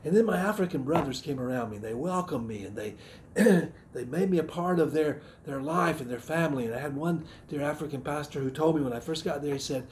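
A middle-aged man from the American South shares a personal testimony in a sermon. His voice sits a little higher than most men's, and he speaks in an earnest, reflective way, often stopping to restart a thought. A faint ambient hiss stays in the background. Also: a little fast. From Southern United States. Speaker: missionary speaker giving testimony.

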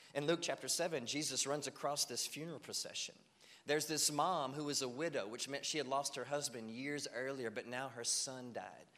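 A male pastor delivering a sermon to his congregation, energetic and rising loud when he acts out examples. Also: medium pitch. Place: church sanctuary. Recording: long reverb of a church hall.

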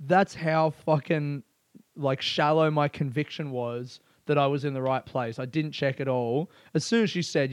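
A man's voice: fairly high pitch, moderate pace, no room sound. A comedian, talking in a rambling, self-deprecating way, swearing often and laughing at his own story. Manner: frequent restarts and laughs. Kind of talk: casual monologue.

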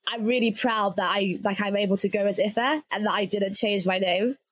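A young adult woman with an English accent speaks at a moderate pace in a mid-range voice, recorded dry. She's being interviewed and talks casually, laughing a lot and leaning on fillers like "like."

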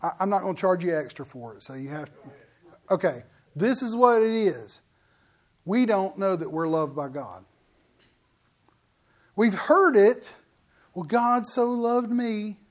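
A man's voice: high voice, sing-song, a little slow, pauses often. A middle-aged man preaching a sermon as pastor, in a folksy, joking, conversational way.

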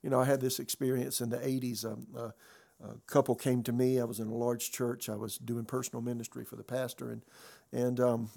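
A man's voice: mid-range voice, level tone, brisk, creaky, dark tone. An older male pastor giving a conversational sermon, telling a story earnestly and often restarting and repeating words.

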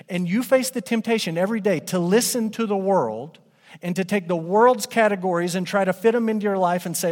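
A man preaching a sermon, emphatic, swinging between loud declarations and hushed, low lines. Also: moderate pace. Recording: long hall reverb.

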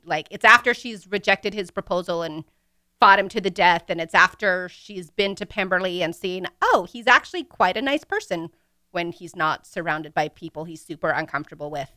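A woman's voice: on the low side, fairly even intonation, normal speed, bright, forceful tone, no echo, clean studio sound. A woman co-hosting a casual book podcast, chatty, giggly and self-deprecating.

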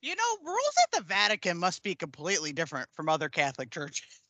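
A woman's voice: on the low side, huge pitch swings, quick pace, a bit bright, dry recording. A woman co-hosting a podcast in casual chat, making wry joking asides, swearing and laughing. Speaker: podcast co-host.

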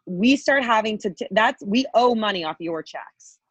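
A young woman co-hosting a podcast vents a story in a heated, profane ramble, leaning heavily on "like" as filler during this casual chat. Her medium-pitched voice is expressive and a bit breathy, moving at a normal speed. The audio is dull, dry, lo-fi podcast sound with no room noise.

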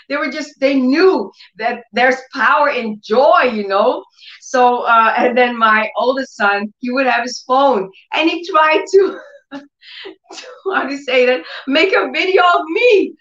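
A woman giving an emotional sermon testimony. Her speech grows more intense as she moves into near-shouting proclamations. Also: fairly high pitch, a little slow. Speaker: testimony speaker. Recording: echoey room, dull lo-fi sound.

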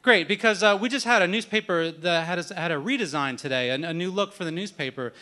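A man voicing a male sports editor who is chummy and rambles in quick bursts. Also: high-pitched, bright, forceful tone. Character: upbeat male sports editor, eager then dismissive.

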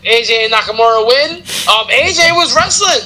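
A man with a strikingly high, very bright voice hosts a casual podcast. He recaps at an unhurried ramble, dropping frequent fillers and chuckling asides. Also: animated, poor audio. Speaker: podcast host. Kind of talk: casual wrestling recap chat.

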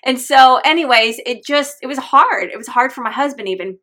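Woman podcast host, 30s, warm-hearted faith talk, emotional and candid, slightly high voice. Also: fairly quick. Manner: heartfelt, openly emotional, earnest.

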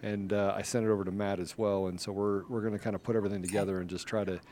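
A man's voice: fairly low pitch, little pitch movement, rapid-fire, a little hiss or hum. A middle-aged man hosting a political podcast, talking with fervor and frequent restarts. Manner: fervent, rambling, with many restarts, rising to rally-style shouting. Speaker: podcast host. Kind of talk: casual political talk show.

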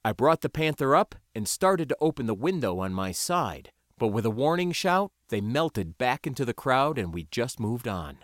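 Lively male audiobook narrator. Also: mid-range voice, normal speed, hardly any pauses, no echo, studio quality. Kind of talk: scripted first-person narration.

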